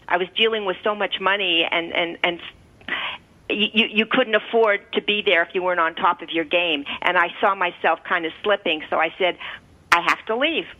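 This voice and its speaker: A woman from Canada speaks in a relaxed, reflective way, pausing and restarting as she thinks. The recording is dull and lo-fi, like a talk radio broadcast. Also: on the low side. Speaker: co-host, former stock trader.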